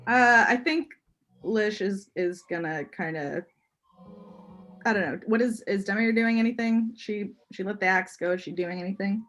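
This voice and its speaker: A woman's voice: medium pitch, normal speed, fairly bright tone, faint music behind. A woman playing a tabletop game, describing her character's actions and laughing often. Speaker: player. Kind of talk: tabletop role-play chat.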